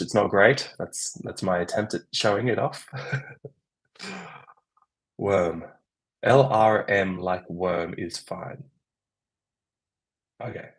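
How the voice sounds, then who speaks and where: A man's voice: low-pitched, normal speed, pauses often, breathy edge, poor audio. A man, a doctor, answering viewer questions in a loose, thinking-aloud livestream chat.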